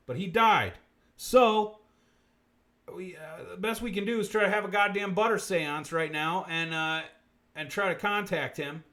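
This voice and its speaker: A man hosting a comic livestream, rambling and profane, with deadpan asides. His voice sits fairly high for a man, and he drops into low mutters now and then. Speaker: host.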